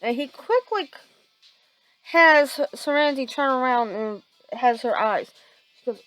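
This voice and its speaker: A woman improvising a fan fiction story aloud, halting with many restarts and fillers. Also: sits high, lively intonation, a bit bright, poor audio.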